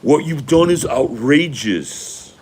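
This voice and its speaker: A man's voice: medium pitch, lively intonation, slow, noisy background, voice pushed up. A man doing an impression of a privileged young male college athlete who rambles and pads every phrase with "like". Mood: whiny.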